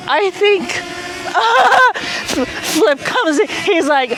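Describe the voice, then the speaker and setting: A woman with a high, bouncing voice narrates a drone flight outdoors, giggling and fussing over the machines like pets. She takes her time between lines. Clear outdoor background noise runs under her voice. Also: expressive, drawn-out words. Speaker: vlog host testing drones. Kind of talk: excited play-by-play commentary. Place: outdoors near a garage.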